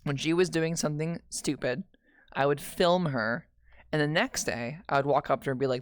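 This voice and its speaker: A woman's voice: low-pitched, moderate pace, no echo, studio quality. A young woman streamer telling a painful family story in casual, candid talk, swearing and restarting often.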